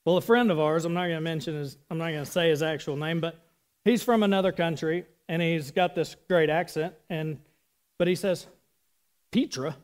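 A man's voice: a little high, steady tone, brisk. A man in his thirties giving a casual, chatty sermon with asides. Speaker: preacher.

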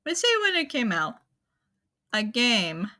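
A woman with a slightly high, bright voice talks to her viewers in a slow, unhurried way. She is casual and halting, stopping often for fillers and apologies. She sounds like someone running her own video channel. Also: huge pitch swings. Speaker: anime channel host. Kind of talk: casual spoken rundown to viewers.

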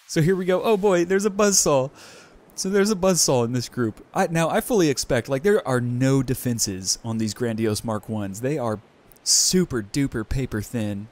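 A young man hosting a let's play, giving excited, enthusiastic gameplay commentary. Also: moderate pace. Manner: enthusiastic, bursts of high excitement.

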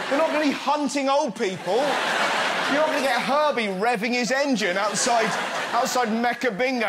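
A man's voice: very high voice, normal speed, a loud crowd, very noisy. A man hosting a televised stand-up comedy monologue, talking with great energy and bursting into shrieking put-on voices. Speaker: comedian host. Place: TV studio with live audience. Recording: loud live studio audience. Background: audience laughter.

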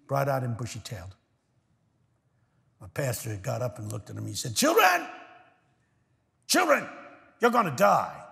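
An older American man preaching a sermon, telling stories with sudden swings from hushed words to shouts and acting out voices of his congregation. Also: mid-range voice, creaky. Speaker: guest preacher. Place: large church. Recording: long reverb of a large church hall.

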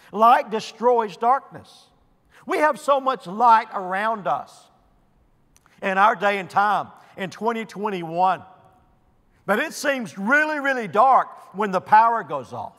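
A man preaching a sermon as pastor, slow and emphatic, leaning hard on key words with pauses between them. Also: sits high, fairly bright tone. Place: church sanctuary. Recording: long reverb of a church hall.

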